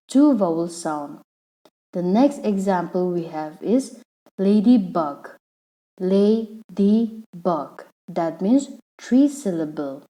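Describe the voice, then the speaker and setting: A woman teacher explaining a lesson patiently, repeating each word slowly so the syllables come through. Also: mid-range voice, dark tone, low-quality recording. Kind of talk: slow classroom explanation.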